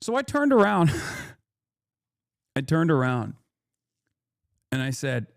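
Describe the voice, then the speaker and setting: A man's voice: fairly high pitch, takes it slowly, gravelly, dry recording, clean studio sound. A man giving heated, indignant commentary as a political streamer, swearing often as he tells a story. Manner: profane, animated, indignant storytelling.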